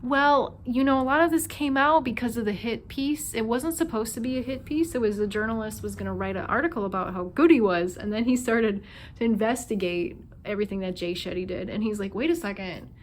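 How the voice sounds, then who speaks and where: A woman's voice: on the high side, a little fast. A woman with a Minnesota accent giving a casual tarot reading, chatting and thinking aloud with lots of fillers. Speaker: tarot reader.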